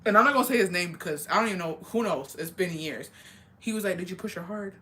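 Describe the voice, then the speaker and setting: A young woman telling a story in casual chat, swearing constantly and talking in an animated way. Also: lowish voice, fast, a little hiss or hum. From rural area.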